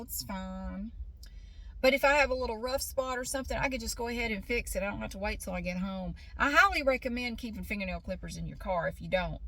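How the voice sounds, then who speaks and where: A woman's voice: medium pitch, a bit bright. A middle-aged woman chatting casually in a rambling vlog, often laughing as she talks. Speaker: vlogger.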